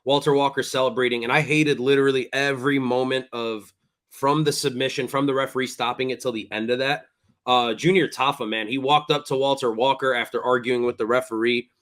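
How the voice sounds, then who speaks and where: A man's voice: medium pitch, fairly even intonation, a little fast, a bit bright. A man hosting a fight recap podcast, recounting the action at length in blunt, profane casual chat. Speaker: podcast host.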